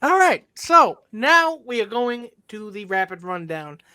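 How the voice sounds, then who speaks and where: A man's voice: sits high, big pitch swings, measured pace, sharp tone, clear, resonant tone, no echo. A man co-hosting a podcast who talks loosely and jokingly, swearing casually as he makes his picks. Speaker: podcast co-host. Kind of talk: casual sports chat.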